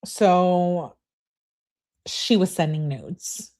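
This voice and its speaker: A woman's voice: lowish voice, extremely slow, mellow. A woman hosting a stream, reading messages aloud and stopping to react. Her asides are blunt and exasperated, and her tone stays casual and conversational. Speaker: host.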